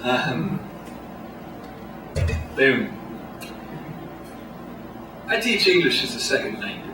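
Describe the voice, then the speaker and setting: A man doing a stand-up comedy set on a small club stage, with a deadpan, halting delivery full of pauses. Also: medium pitch. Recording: echoey room, distant mic, noisy. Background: audience laughter.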